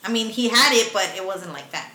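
A woman's voice: mid-range voice, animated, brisk, pushed and bright. A woman casually telling a story in a profane, laughing way, slipping in Spanish phrases. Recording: roomy echo.

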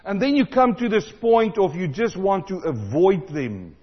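South african guy preaching, slightly high voice, echoey church hall, kinda muffled sound. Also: a little slow, husky. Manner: animated, acts out quoted voices, repeats for emphasis. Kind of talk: sermon. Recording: dull sound in a large reverberant hall.

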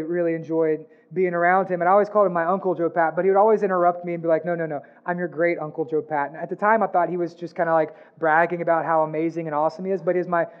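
A man preaching a sermon in an earnest way, rising on his questions and dropping soft and low on somber lines. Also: narrow, tinny audio. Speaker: pastor.

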